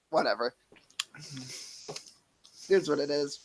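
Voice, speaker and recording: A man's voice: a little high, lively intonation, very slow, a bit bright. Laid-back man joking crudely. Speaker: streamer host. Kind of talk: profane casual chat.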